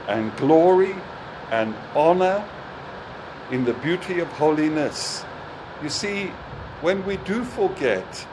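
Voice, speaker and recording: A man preaching a sermon, slow and emphatic, with rising exclamations. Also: a little high, background noise.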